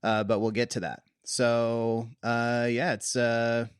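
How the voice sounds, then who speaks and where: A man co-hosting a podcast, chatting casually about scripture in an ordinary mid-range voice. He gets animated and laughs easily. The sound is close and dry, with no room echo. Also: mid-range voice, slow, clean tone. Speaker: podcast co-host. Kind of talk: casual Bible discussion.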